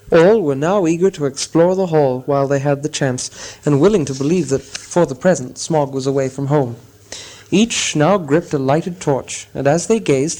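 A man narrating a storybook in a measured, expressive reading style. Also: fairly high pitch. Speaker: audiobook narrator.

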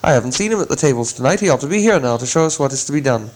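Man doing boisterous young male elves, storybook, jeering and merry, high and sharp. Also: animated, very fast, close to an everyday voice, poor audio. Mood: impatient.

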